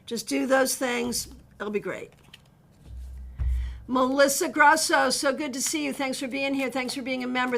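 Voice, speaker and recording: A woman with a high, bright voice reads tarot cards on a live stream. She talks in a chatty, direct way, greets viewers one by one and gives blunt advice. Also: creaky. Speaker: tarot reader. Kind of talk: live-stream card readings.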